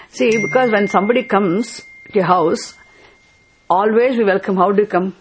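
A woman's voice: mid-range voice, normal speed, background noise. A woman teaching scripture, explaining a chanted verse word by word and patiently repeating key terms.

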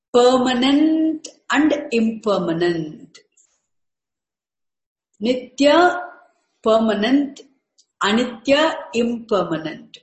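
Woman, spiritual teacher, repeats each term, echoey room. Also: a little high. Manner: repeats terms slowly, breaks Sanskrit words into parts. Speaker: teacher of Sanskrit scripture. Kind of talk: slow, repetitive spiritual lecture.

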